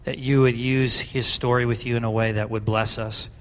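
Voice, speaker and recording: A man's voice: medium pitch, flat delivery, normal speed. A man leading a congregation in an earnest spoken prayer, repeating simple phrases. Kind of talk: public prayer. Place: church sanctuary.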